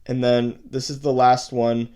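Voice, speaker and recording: A man's voice: mid-range voice, level tone, unhurried, a little mellow, clean tone. A man hosting a video, angrily commenting on chat messages he reads out, swearing and sounding disgusted. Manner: profane, disgusted, heated. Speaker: host. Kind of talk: angry commentary reading chat logs.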